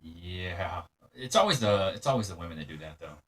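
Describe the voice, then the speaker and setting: A man's voice: deep voice, lively intonation, normal speed, recorded from a distance, slight background noise. A man co-hosting a reaction show, giving blunt, mocking, crude commentary.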